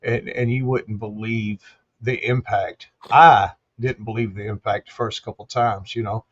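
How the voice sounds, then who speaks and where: A man's voice: fairly low pitch, fairly even intonation, a little slow, breathy edge, highs cut off. A man guest telling his own story in a blunt, plainspoken way. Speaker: guest, veteran advocate.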